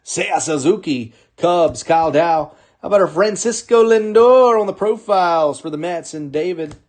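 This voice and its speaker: A man's voice: a little high, lively intonation. Upbeat man calling out card pulls. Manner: upbeat, calls out names in quick bursts, chuckles often. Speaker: sports card break host. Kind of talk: live card-opening commentary.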